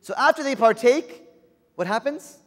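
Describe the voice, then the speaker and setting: High-voiced man preaching in a reverberant hall. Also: animated, normal speed, fairly bright tone. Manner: earnest, asks the listeners rhetorical questions. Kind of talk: sermon. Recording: long reverb of a large hall.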